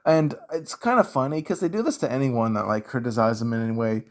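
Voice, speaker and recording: A man with a Southern US accent speaks at a mid pitch in a slow, drawn-out way. He rants casually through viewer questions and leans on fillers as he goes. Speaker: YouTuber answering viewer questions. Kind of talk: casual ranting commentary.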